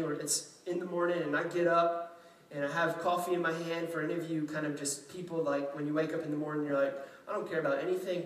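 Conversational pastor in an echoey room. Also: male voice, a little high, a bit bright. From Louisiana. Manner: conversational and self-deprecating, acts out quotes. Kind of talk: sermon. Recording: echoey room, mic at a distance.

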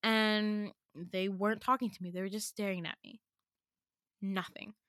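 Young adult woman, podcast host, casual storytelling, emphatic and chatty, mid-pitched, dry close sound. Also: fairly even intonation, normal speed, fairly bright tone, no echo. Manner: chatty, heavy use of "like", emphatic and indignant.

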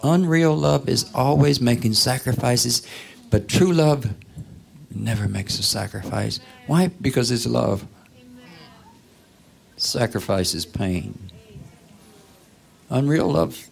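Male preacher, husky gravelly voice, conversational sermon with rhetorical questions, now and then a whisper. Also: mid-range voice, very animated, slow pace, pauses often. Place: church.

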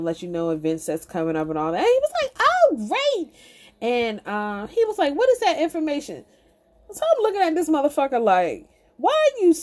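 A woman's voice: mid-range voice, a little mellow. A woman host telling a comic story in a casual, profane and exasperated way. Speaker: podcast host.

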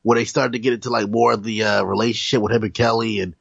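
A man co-hosting a casual movie chat gives his opinion in a laid-back, plainspoken way. His voice is gravelly and husky. It comes through dull and lo-fi, with a dry sound. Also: on the low side, flat delivery, fast talker, dry recording. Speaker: co-host.

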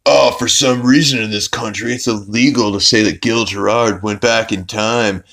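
A man's voice: on the low side, fairly even intonation, moderate pace, vocal fry, fairly bright tone. A man quoting an exasperated cartoon teacher with a complaining, matter-of-fact tone. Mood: aggrieved. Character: exasperated arrested male teacher.

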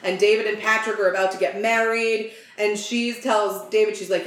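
A woman's voice: mid-range voice, flat delivery, normal speed, hardly any pauses, fairly bright tone. A woman chats on a podcast in a mid-range voice, gushing about what she loves and swearing without a second thought. Her talk runs on ums and likes. The room around her adds a noticeable echo. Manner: chatty, gushing, swears freely, many fillers. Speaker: podcast co-host. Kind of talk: casual chat. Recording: roomy echo.

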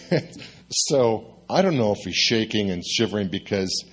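Male pastor, husky, low-pitched, animated sermon storyteller, self-mocking. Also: a little slow. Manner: lively, confessional storytelling with self-mocking asides.

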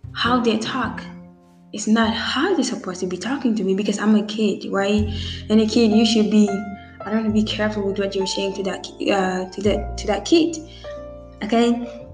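Young woman vlogger, 18, heartfelt and rambling, mid-pitched voice, echoey room. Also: steady tone, moderate pace. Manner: earnest, many fillers and restarts, addresses viewers directly. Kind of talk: casual heartfelt talk to camera. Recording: roomy echo, faint music behind.

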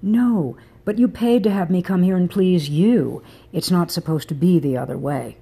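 A woman's voice: fairly low pitch, normal speed, vocal fry, warm tone, slightly rough. A woman voicing a frank, playful young woman in an audiobook romance.

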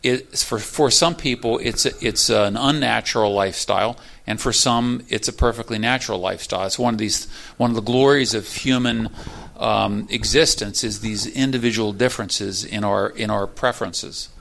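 A man who is a guest author, explaining his ideas in a measured way. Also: lowish voice, vocal fry, fairly bright tone. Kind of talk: interview talk.

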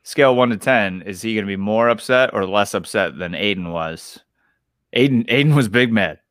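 A man's voice: fairly low pitch, normal speed, a bit bright, dry recording, studio quality. A man co-hosting a podcast, chatting casually with short agreeing replies. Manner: easygoing, brief agreeing replies. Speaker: podcast co-host.

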